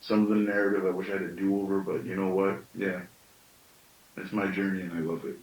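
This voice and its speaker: Storyteller, male, late thirties, slightly deep, musing teaching talk, recorded far off in an echoing room. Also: flat delivery, a little fast, a little mellow. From Canada. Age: late 30s. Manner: thoughtful, with self-questioning asides.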